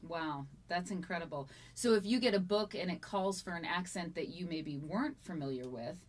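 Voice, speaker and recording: A woman's voice: lowish voice, moderate pace. A woman interviewing an audiobook narrator, friendly and encouraging as she asks follow-up questions. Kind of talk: conversational interview.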